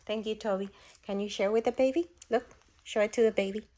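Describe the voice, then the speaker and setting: A woman's voice: medium pitch, steady tone, a little fast, dark tone, slight background noise, poor audio. A woman filming a casual home video on a handheld phone, coaxing her pets and a baby in sing-song baby talk. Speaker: family pet-monkey vlogger.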